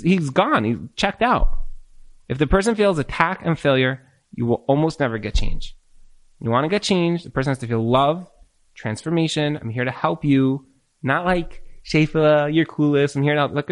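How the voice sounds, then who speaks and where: A man teaching a marriage class and taking questions from listeners, earnest and repetitive, often acting out what spouses say. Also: medium pitch. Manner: earnest, repeats words, acts out quoted spouses. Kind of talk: lecture with audience Q&A.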